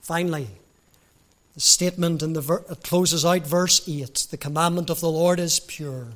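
A man preaching an evangelistic sermon, fervent, building up to loud emphatic passages in a church. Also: on the high side, steady tone, normal speed.

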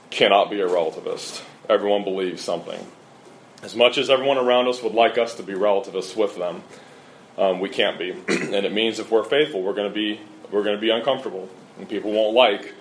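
A middle-aged man preaching a sermon with earnest, emphatic delivery and lively storytelling. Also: on the low side, slight background noise. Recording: roomy echo.

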